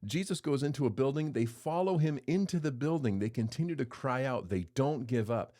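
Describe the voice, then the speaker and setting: Male devotional host in his forties, animated pitch, folksy storyteller who acts out quotes. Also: a little fast. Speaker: pastor hosting a daily devotional podcast.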